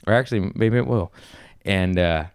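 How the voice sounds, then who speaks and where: A young adult man in casual conversation, telling a comedy story with a low, clean, resonant voice. He talks loosely, swears, and mimics the people in his story. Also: moderate pace, clear, resonant tone. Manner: animated storyteller who acts out others in high squeaky voices, swears often. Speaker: comedian, podcast guest.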